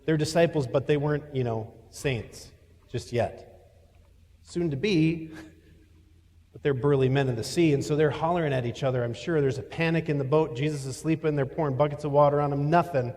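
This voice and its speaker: A man preaching a sermon as a pastor, telling a story in a voice that swings from loud to hushed. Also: on the high side, normal speed, big-room sound. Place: church.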